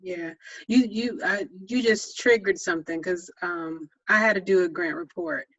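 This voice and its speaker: An interview host speaking casually, halting with many restarts and affirming "mm-hmm"s. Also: medium pitch, a bit bright, dry recording. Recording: dry, slightly dull lo-fi sound.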